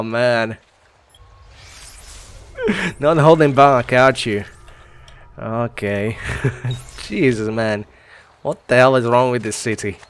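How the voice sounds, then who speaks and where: Laid-back man narrating his gameplay. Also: mid-range voice. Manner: chatty, laughs often, thinks aloud. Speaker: gaming channel host. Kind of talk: casual let's-play commentary.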